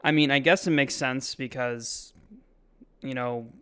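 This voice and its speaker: A man talks casually over his own video in a loose, rambling way, filling gaps with ums and likes. His voice is very smooth and resonant and sits at an ordinary middle pitch. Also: fairly even intonation, measured pace, pushed and bright. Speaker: vlogger. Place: voice-over, not recorded in the museum.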